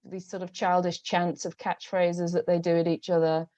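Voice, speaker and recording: A novelist from Northern England, speaking with a Northern English accent, talks about her books as a guest on a video call. Her voice is fairly low, warm and level, at a normal speed, with no echo, and her conversational book talk is hesitant, with many restarts and ums. The video call audio is dull and lo-fi.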